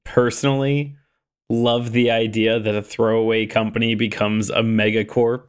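A man's voice: on the low side, level tone, normal speed, clean tone. A man co-hosting a podcast, chatting casually and rambling as he restarts his thoughts. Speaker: podcast co-host.

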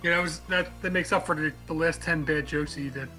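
A man's voice: fairly high pitch, steady tone, fast talker, sharp tone, faint music behind. A man co-hosting a podcast, joking in laid-back banter. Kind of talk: casual chat.

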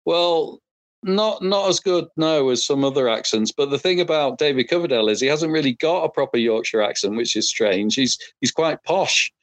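A man calling into a podcast as a listener, reminiscing in casual chat with halting fillers. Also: fairly high pitch, dry recording.

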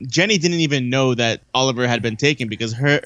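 A man co-hosting a podcast, retelling a movie plot in a lively way and acting out characters' lines. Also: medium pitch, fast talker, no room sound. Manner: animated, acts out characters' lines. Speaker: podcast co-host. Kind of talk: casual movie recap chat.

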